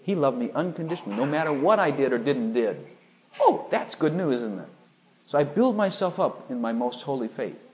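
A man's voice: medium pitch, sing-song, brisk, a little mellow, slight background noise, rough recording. A man preaching a sermon, emphatic and full of rhetorical questions aimed at his listeners.

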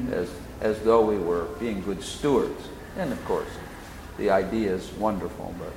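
A man teaching the Bible in sermon style, slowly explaining and repeating key phrases. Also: fairly low pitch, creaky. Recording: echoey hall, faint noise.

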